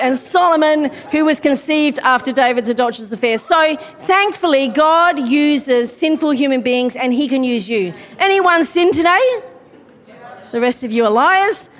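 Female preacher with a high voice. Chatty and self-deprecating, recorded in a church hall with a long echo. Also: lively intonation, unhurried, a bit bright. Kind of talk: sermon.

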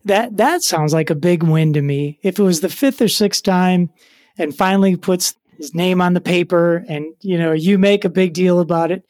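A man's voice: sits high, normal speed, darkish tone, dry recording, studio quality. A man hosting an interview, asking questions and affirming his guest. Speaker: interview host. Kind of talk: conversational interview.

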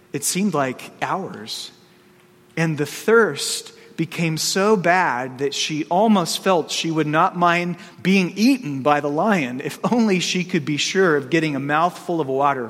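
Male pastor, sermon with story reading, fairly high voice, very slow, earnest, long hall reverb. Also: a bit bright.

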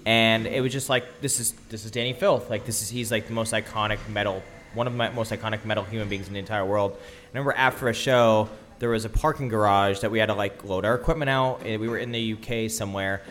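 A man's voice: lowish voice, fast talker, slight background noise. A man, a co-host and musician, telling a tour story in casual chat, rambling and restarting as he goes, on a live podcast in a coffee shop. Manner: rambling, many restarts and fillers, animated storytelling.

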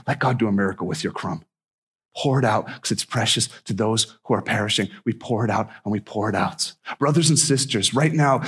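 A man's voice: medium pitch, husky. A male missionary preacher giving a conversational, emphatic sermon with repeated phrases.

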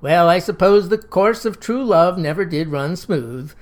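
A pompous, bookish schoolmaster with a lofty delivery, fond of quoting old philosophers, as a storyteller puts him on. His voice sits a bit lower than the teller's own, grand and unhurried. It comes from a spoken storybook reading. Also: lively intonation, natural voice. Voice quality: lofty, quotation-heavy delivery. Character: pompous scholarly male teacher who quotes classics.

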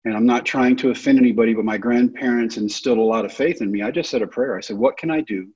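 A man's voice: mid-range voice, quick pace, darkish tone, slightly rough, lo-fi sound. A man, telling his life story and acting out the other people's lines. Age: 30s. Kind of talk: storytelling talk.

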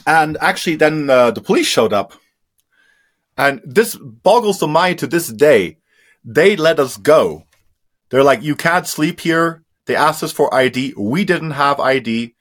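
A man's voice: fairly high pitch, expressive, unhurried. A man telling his story as an interview guest, candid and casual, swearing freely and often trailing into fillers.

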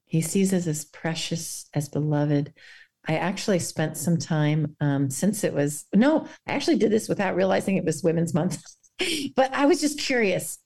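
A woman guest on a faith podcast, speaking earnestly and guiding listeners through a quiet reflection. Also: on the low side, expressive, normal speed, gravelly.

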